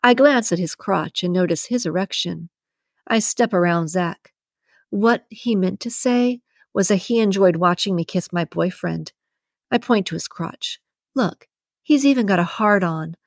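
A woman reading a first-person romance novel aloud in a breathy, intimate narration. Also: fairly low pitch, a little slow, no room sound, clean studio sound. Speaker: audiobook narrator.

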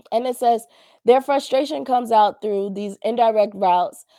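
A young woman talks casually on her own, candid and slangy, full of "like" and "um". Her voice sits at an ordinary middle pitch. The sound is dry and close, with no room echo. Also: dark tone. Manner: chatty and candid, slangy, many fillers and laughs. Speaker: podcast host. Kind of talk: casual solo talk on communication.

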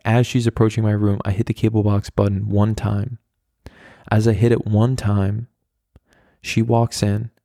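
An American podcast host tells candid personal stories in a casual, rambling monologue packed with "like" and swearing. His voice is fairly low, gravelly and dark, captured in clean studio sound with no echo.

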